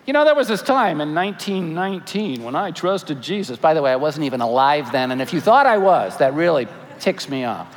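A man in his forties preaching a sermon as pastor, animated with joking asides and earnest appeals. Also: a little high, a little fast, few pauses. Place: church sanctuary. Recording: church hall reverb, faint ambience.

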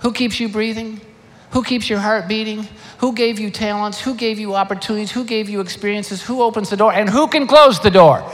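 An older man preaching a sermon, animated and emphatic, firing rhetorical questions. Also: sits high, fairly quick. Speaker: pastor. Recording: long hall reverb.

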